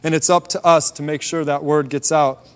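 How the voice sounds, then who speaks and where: A man's voice: on the high side, moderate pace, clear, resonant tone. Man preaching in a reverberant hall. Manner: relaxed storytelling, drops softer on key points. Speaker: preacher sharing a testimony. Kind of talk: conversational sermon testimony.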